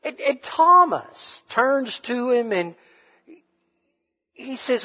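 A man preaching a sermon to a congregation, emphatic, swinging between hushed and loud passages. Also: high voice, sing-song, slow, husky. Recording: reverberant hall, dull sound.

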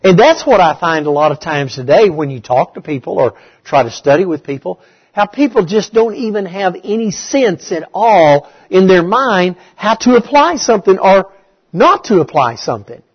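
Husky man preaching a bible study. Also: sits high, big pitch swings, normal speed, muffled recording. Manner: conversational, questions the audience, repeats key words.

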